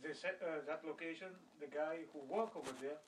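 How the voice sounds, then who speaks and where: A man's voice: on the high side, fairly even intonation, a little fast. A tired man casually telling a friend about trouble at his store job, animatedly acting out the arguments in non-native English grammar. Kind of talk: casual storytelling chat. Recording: roomy sound from a distance, faint background noise.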